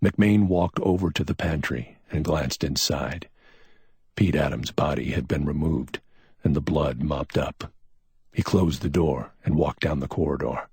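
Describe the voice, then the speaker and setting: A man reading pulp crime fiction as an audiobook narrator, steady and even. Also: a bass voice, a little slow, breathy edge, no room sound, studio quality.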